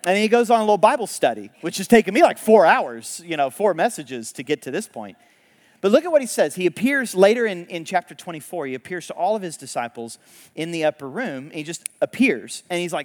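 A man preaching a sermon, retelling a story in a casual, animated way with laughs and quick asides. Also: high voice, big-room sound. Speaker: pastor.

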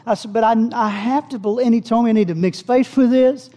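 A man preaching, telling a personal story with acted-out dialogue and easing into soft prayer at a church service. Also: very high voice, fast. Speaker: pastor. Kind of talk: sermon testimony. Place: church service, also streamed online.

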